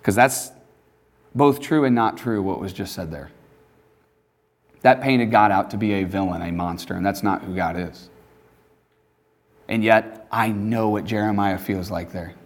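A man preaching a casual, conversational sermon in an emphatic, animated way. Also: on the low side, a little slow, long pauses.

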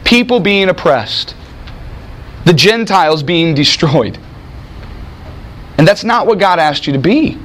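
Animated high-voiced male preacher. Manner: animated, conversational preaching with sudden pitch swings. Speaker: pastor. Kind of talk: sermon.

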